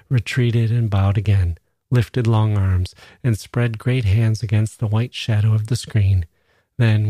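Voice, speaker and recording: A man reading literary fiction aloud as narrator, in a measured, unhurried manner. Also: lowish voice, warm tone, no echo.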